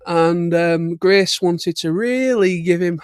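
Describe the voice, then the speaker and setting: A high-pitched British man hosts a relaxed livestream chat, telling stories loosely, with lots of restarts and laughter in his delivery. The recording is close and dry, with no room sound. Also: slow, clean tone, dry recording. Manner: chatty storytelling with laughs and restarts. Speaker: livestream host. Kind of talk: casual chat.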